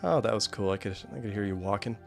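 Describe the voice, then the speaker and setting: A man's voice: lowish voice, fast talker, vocal fry, soft background music. A man giving casual, wry gameplay commentary, rambling and often laughing. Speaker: gaming YouTuber.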